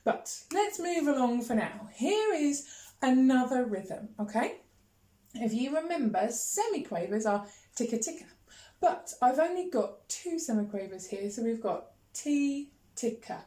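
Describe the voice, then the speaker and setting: A woman's voice: high voice, very animated, unhurried, dark tone. Encouraging woman chanting rhythm syllables. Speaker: music teacher. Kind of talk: children's music lesson. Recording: echoey room with faint noise.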